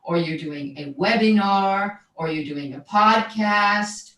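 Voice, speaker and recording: In a fairly bright, mid-range voice, a jazz singer and voice coach takes her time explaining her methods during a conversational interview. Words get repeated as she searches for them, and "right?" comes up often. The recording is roomy and echoey, with the mic far away.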